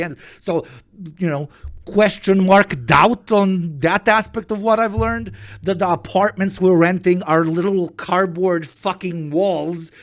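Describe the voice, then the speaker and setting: A man from Europe, hosting a casual chat and telling stories in an animated, profane way. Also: a little high. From Eastern Europe. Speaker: stream host.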